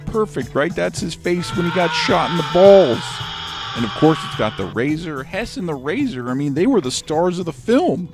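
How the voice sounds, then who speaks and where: A man's voice: fairly high pitch, very animated, moderate pace, music in the background. A man hosting a comedic review show, ranting about movies in a sarcastic, grumbling way. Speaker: host.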